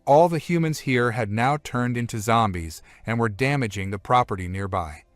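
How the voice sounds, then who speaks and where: A man narrating a comic story recap, retelling events one after another with "and then" in a plain, steady way. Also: medium pitch, moderate pace, no echo, soft background music.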